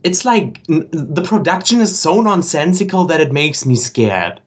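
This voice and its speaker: Wry, halting man chatting on a podcast. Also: on the high side, animated, slightly rough. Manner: halting, filler-heavy, wry. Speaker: podcast co-host. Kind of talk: casual chat.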